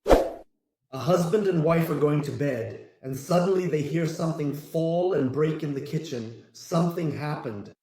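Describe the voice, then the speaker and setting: Guy reading jokes off a script, flat delivery, kinda high mellow voice, echoey room. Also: unhurried, slight background noise. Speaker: joke narrator.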